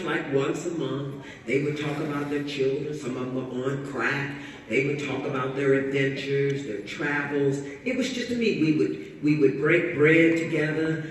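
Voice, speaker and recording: A woman author with a sassy, preachy manner, teasing and bantering with an audience at a book talk. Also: rumbling low. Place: carpeted event room with an audience. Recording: echoey hall, voice picked up from far off.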